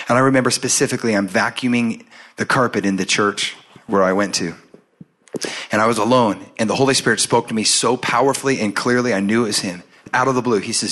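A man preaching a sermon and telling a personal story, acting out the voices in it with lively storytelling. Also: fairly low pitch, quick pace. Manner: animated storytelling, acts out his own and God's lines.

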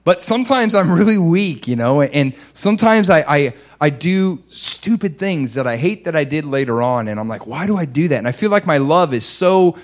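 A young adult man preaching a sermon, earnest and emotional, his voice dropping soft and low, then lifting into excited outbursts. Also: normal speed, hardly any pauses.

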